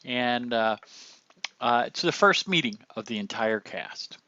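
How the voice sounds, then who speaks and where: Older male teacher, slow explanatory delivery, bright tone, dull lo-fi sound. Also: mid-range voice, expressive, no echo. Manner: slow, explanatory, acts out lines to demonstrate delivery. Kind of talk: classroom lecture on acting.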